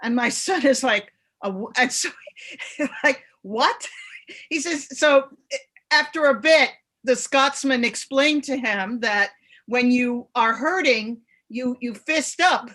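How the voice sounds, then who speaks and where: A woman student in an online class tells a story slowly and without hurry, taking her time over each phrase. Her voice is high-pitched. She speaks at a clearly slow pace. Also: a bit bright. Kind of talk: casual class chat.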